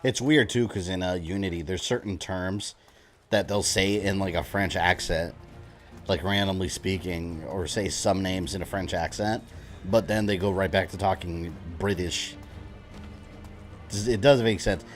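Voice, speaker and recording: A man's voice: low voice, fairly even intonation, measured pace. A young man streaming a video game, rambling casually with chuckling asides. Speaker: gaming streamer. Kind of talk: casual gameplay commentary. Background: game music.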